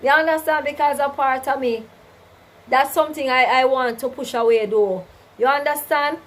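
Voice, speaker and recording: This livestream host has a high-pitched voice with fairly even intonation and a normal speaking speed, though the audio is poor. She chats casually, going through viewer comments and giving faith-filled, preachy advice while often checking in with "you understand?" and "right?".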